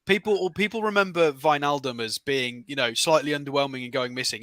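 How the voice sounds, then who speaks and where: A man's voice: medium pitch, brisk, sharp tone, no room sound. A man co-hosting a casual football show on a video call, talking through player stats and arguing his points. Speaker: podcast co-host.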